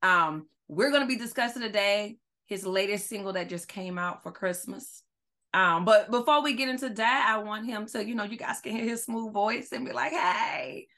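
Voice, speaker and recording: A woman hosting a casual podcast interview, excited and chatty, often restarting her words. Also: mid-range voice, moderate pace. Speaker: podcast host.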